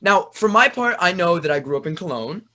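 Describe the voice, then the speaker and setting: A man plays a vain young actor in a stage play who keeps defending himself and bragging about his accents. His voice sits high and bright. He rambles and circles back on his point. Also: lively intonation, a little fast. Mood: defensive. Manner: defensive, boastful, meandering. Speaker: actor in a rehearsal scene.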